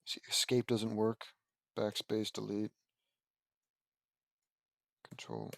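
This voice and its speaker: Guy reading fanfic out loud and rambling, correcting himself a lot, very dry sound. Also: on the low side, sing-song, slow pace, creaky, no room sound. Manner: rambling, self-correcting, offhand asides. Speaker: audiobook reader and commentator. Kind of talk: casual read-aloud with commentary.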